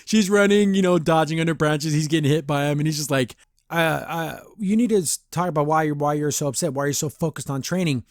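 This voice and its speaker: A podcast host with a high-leaning, darkish voice talks quickly with hardly any pauses, reviewing a cartoon episode in a casual, rambling way. He acts out characters' lines and laughs often. The sound is clean studio audio with no room sound.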